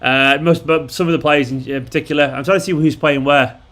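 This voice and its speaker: A man's voice: on the high side, fairly even intonation, fairly quick, a bit bright. A man, chatting casually and rambling as the host of a live watchalong and answering viewers' messages. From Manchester, England. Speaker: fan channel host.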